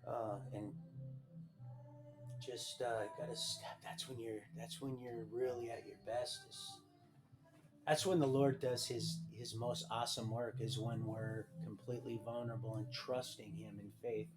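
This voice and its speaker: A man's voice: medium pitch, steady tone, a little slow. Rambling man telling his story, faint music. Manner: rambling, with many restarts, reading a document aloud. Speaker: livestream storyteller. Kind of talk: casual spoken life story.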